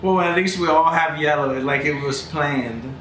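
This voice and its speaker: A father joining a casual family chat, slow-spoken and puzzled, laughing often. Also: on the high side. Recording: echoey room with background noise.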